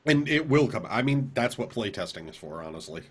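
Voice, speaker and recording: A man with a lowish voice slips dry, teasing one-liners into a late-night chat between bursts of laughter. His pitch rises and falls freely as he talks, which gives his delivery a bouncy, animated feel. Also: a little fast, breathy edge. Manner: teasing quips, laughs easily. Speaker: co-host of a gaming talk stream.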